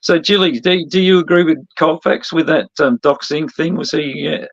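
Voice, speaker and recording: A man's voice: fairly high pitch, moderate pace, gravelly, dry recording, highs cut off. A man in a heated online voice chat, confrontational and sneering, swearing constantly. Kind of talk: angry live-stream argument.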